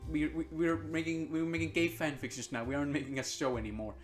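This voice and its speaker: A man's voice: a little high, flat delivery, fast, faint music behind. Blunt, sarcastic man ranting a review. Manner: blunt, sarcastic, swears a lot, mocks in raised voices. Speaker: movie and TV reviewer.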